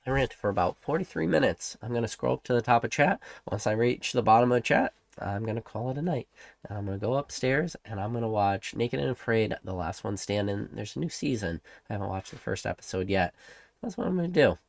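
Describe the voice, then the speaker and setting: A man's voice: fairly low pitch, expressive, brisk, vocal fry, dry recording. A man hosting a livestream, rambling in a casual rant, repeating rhetorical questions, swearing now and then, and reading out and greeting chat viewers. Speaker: livestream host.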